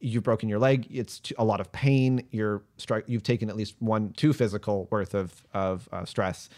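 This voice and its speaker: A man's voice: lowish voice, fairly even intonation, normal speed, a little mellow. A man running a tabletop game as game master, narrating scenes casually with frequent fillers and restarts.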